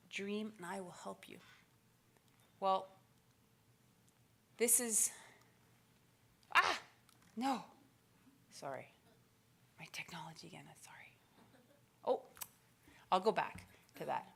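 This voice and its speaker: A woman in her forties giving a motivational keynote speech, telling stories with lively acted-out quotes. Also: medium pitch. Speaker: keynote speaker. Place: conference stage.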